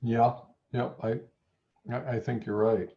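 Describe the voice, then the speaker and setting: A man being interviewed as a nutrition scientist, talking in a thoughtful, halting way with a lozenge in his mouth. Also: mid-range voice, level tone, muffled recording. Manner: thoughtful, stammers on restarts. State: talking around a throat lozenge. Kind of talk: conversational interview.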